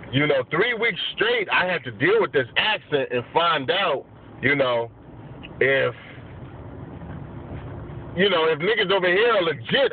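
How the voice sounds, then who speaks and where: Man, slightly high voice, loose profane street slang, boxing vlog rant, tinny lo-fi audio with faint hiss. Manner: loose, profane street talk with many fillers. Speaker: boxing vlogger giving channel shout-outs.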